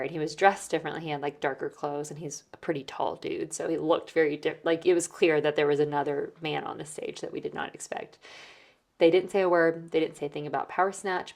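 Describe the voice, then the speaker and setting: A woman's voice: deep voice, vocal fry, a little mellow. A woman hosting a podcast, telling a concert story in a casual, chatty way with lots of fillers. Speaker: podcast host.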